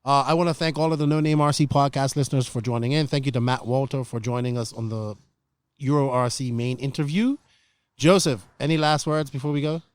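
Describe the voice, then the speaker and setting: Male podcast co-host, mid-pitched, chatty, joking, repeats himself. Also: brisk, clear, resonant tone, dry recording. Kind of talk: casual chat.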